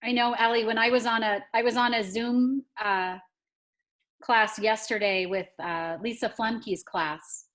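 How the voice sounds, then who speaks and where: A woman's voice: a little high, steady tone, unhurried, a bit bright. A woman school staff member on a video call, telling stories and acting out what others said. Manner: storytelling, acting out quoted speech. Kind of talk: casual video-call chat.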